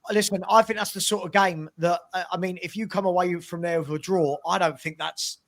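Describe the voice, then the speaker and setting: High-voiced man cautioning fellow fans. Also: steady tone, a little fast, a bit bright. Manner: emphatic, cautioning. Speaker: fan podcast panelist. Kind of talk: casual football debate.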